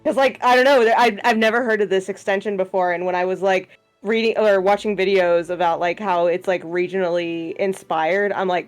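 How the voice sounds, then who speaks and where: A woman's voice: mid-range voice, fairly even intonation, a little fast, soft background music. A young woman player, chatting with giggly enthusiasm. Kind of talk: casual chat.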